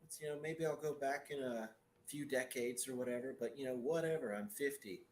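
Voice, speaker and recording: A man's voice: medium pitch, brisk, a little mellow, a little hiss or hum, close to an everyday voice. A man voicing a rail-thin male half-elf who chatters on with lots of fillers. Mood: chatty. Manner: rambling, filler-heavy.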